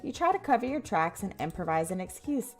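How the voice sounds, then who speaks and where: Playful, animated Southern woman narrator. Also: mid-range voice, brisk, faint music behind. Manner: playful, self-mocking. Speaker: streamer. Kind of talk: narrating a visual novel game aloud.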